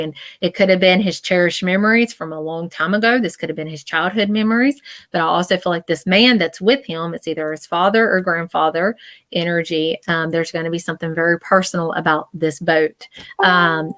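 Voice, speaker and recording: Woman, live-stream psychic reading, earnest and reassuring, lowish voice, dry close sound. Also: fairly bright tone, no room sound. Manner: emotional. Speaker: psychic medium.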